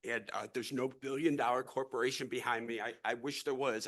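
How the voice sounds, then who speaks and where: Earnest rambling man with a bright voice. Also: mid-range voice, steady tone, a little fast. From St. Louis area, US. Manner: earnest, rambling, repeats and restarts words. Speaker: real estate investor addressing a public meeting. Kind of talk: impassioned public speech. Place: city council meeting room.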